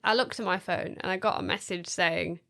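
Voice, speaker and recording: A woman's voice: lowish voice, fairly quick, creaky, a bit bright. A woman in her thirties co-hosting a parenting podcast, chatty and laughing often as she adds to the story. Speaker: podcast co-host. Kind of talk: casual chat.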